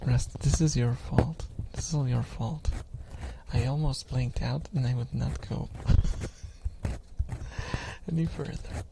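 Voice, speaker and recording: A young man rambles in a soft-spoken ASMR stream, his close-miked voice gravelly with fry. He talks slowly, chuckles often and drifts into whispers now and then. A clear hiss runs steadily under the recording. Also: medium pitch, fairly even intonation.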